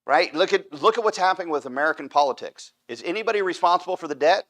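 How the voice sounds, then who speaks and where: Adult man teaching a church class, emphatic, slightly higher voice, keeps asking "right?". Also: lively intonation, fast talker, few pauses, a bit bright. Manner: emphatic, repeats points with "right?". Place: church room.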